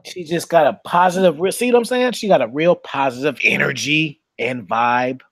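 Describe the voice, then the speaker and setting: A man's voice: on the high side, lively intonation, normal speed, fairly bright tone, dry recording. A man co-hosting a casual, uncensored chat, talking in a boastful, profane, slick storytelling way. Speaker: podcast co-host.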